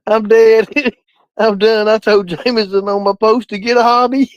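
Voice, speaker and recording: A man's voice: high-pitched, flat delivery, measured pace, dry recording. A man chatting on a live stream, laughing constantly and cursing freely. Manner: laughing nonstop, profane. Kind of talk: casual live-stream chat. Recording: dull lo-fi dry sound.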